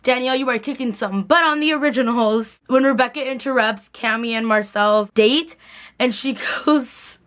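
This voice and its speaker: A woman's voice: fairly high pitch, normal speed, fairly bright tone. A young woman recapping a TV episode in a casual vlog, gushing like a fan and saying "like" often. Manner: gushing fangirl chatter, lots of "like". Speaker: TV recap vlogger.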